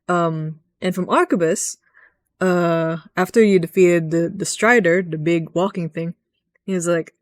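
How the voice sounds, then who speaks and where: A gaming video host casually recaps a video game's story, chatty and rambling, acting out the lines she quotes. Her voice is lowish and a little slow, with no echo.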